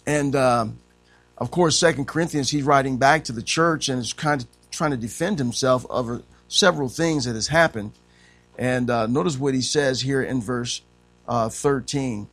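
A man preaching a sermon as pastor, animated and swinging from loud to hushed. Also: medium pitch, moderate pace, soft background music.

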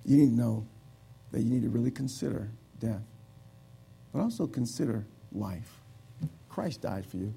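A male preacher delivers a sermon and altar call in a church, pleading and repeating his lines in a steady preaching cadence. His voice is gravelly with a husky edge. The tone is dark and mellow. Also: mid-range voice. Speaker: pastor. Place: church sanctuary.

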